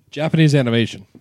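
A man's voice: medium pitch, background noise. A man co-hosting a podcast in casual chat, joking around and reviewing drinks. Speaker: podcast co-host.

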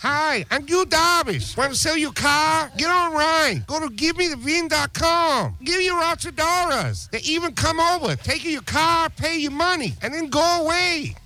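A crude spoof pitchman, done by a man in an old radio comedy ad, with a very high, bright voice that jumps around. Some lines come out in broken English. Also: very animated, slow, vocal fry, husky, exaggerated voice. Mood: mock pitch.

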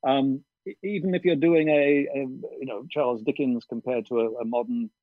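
A man with a breathy, husky voice talks things through carefully, often pausing and restarting. The sound is dry and lo-fi, like a video-call feed. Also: medium pitch, fairly even intonation, dry recording. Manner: thoughtful, hesitant, with many ums and restarts. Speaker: audiobook narrator. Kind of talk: interview over video call. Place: garden studio shed.

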